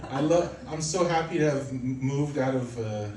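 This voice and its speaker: A man, performing a stand-up comedy set in deadpan storytelling, bursting livelier when acting out other people. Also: mid-range voice, moderate pace, slight background noise. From Poland. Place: comedy club stage with a laughing audience. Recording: roomy, distant club recording.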